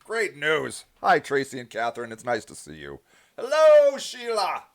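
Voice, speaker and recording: A man's voice: mid-range voice, normal speed, creaky. A man hosting a casual livestream, reading comments aloud with sarcastic, indignant asides. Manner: animated and sarcastic, with indignant outbursts. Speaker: livestream host.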